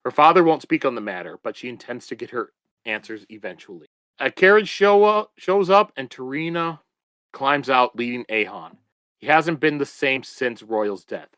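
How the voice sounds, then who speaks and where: Man, bright forceful tone, chapter summary for a podcast, dry recording. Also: medium pitch, expressive, normal speed, no room sound.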